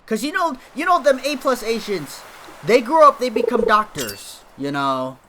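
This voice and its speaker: A man's voice: very high voice, very animated, moderate pace, background noise. A man in his thirties chatting casually while playing a farming game, rambling and joking with many fillers. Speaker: gaming video host.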